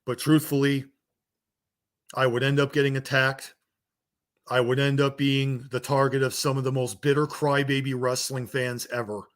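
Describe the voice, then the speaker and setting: A man in the middle of an angry rant, blunt and profane as he scolds his audience. His pitch sits squarely in the middle, and he keeps hammering the same points. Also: little pitch movement, moderate pace. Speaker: wrestling commentary vlogger.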